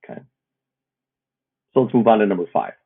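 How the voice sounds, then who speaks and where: A man's voice: fairly low pitch, fairly quick, gravelly, breathy edge. A man teaching a math lesson, working through problems step by step in a recorded video. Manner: steady, step-by-step explaining. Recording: muffled phone-like audio.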